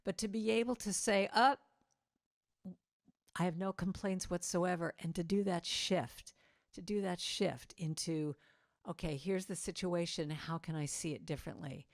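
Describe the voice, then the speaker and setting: A woman's voice: normal speed, no room sound, studio quality. A middle-aged woman giving a storytelling talk to a congregation, chatty with lots of "you know," acting out quoted moments. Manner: warm, conversational, many "you know" fillers; acts out quoted moments with pitch jumps. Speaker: speaker at a spiritual center.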